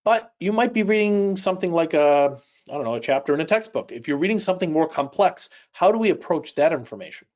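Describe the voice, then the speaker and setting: A man teaching a live speed reading session, often checking in with "right?", shifting his pace and loudness as he talks. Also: a little high, quick pace, muffled recording. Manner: lively, varies pace and loudness, frequent "right?".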